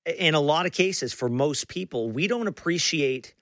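A man's voice: fairly high pitch, animated, normal speed, fairly bright tone, no room sound, clean studio sound. A man hosting a conversational interview, telling a story with frequent restarts and fillers. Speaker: interview host.

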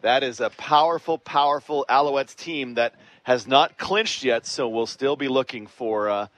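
A man's voice: mid-range voice, measured pace, a bit bright, no room sound. A man wrapping up a football broadcast on the radio, upbeat and chuckling as he signs off. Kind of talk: post-game radio wrap-up.

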